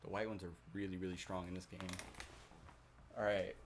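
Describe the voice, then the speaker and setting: A man's voice: deep voice, little pitch movement, brisk. A young man casually commenting while he plays a video game, swearing often and chatting with viewers. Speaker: gaming video host.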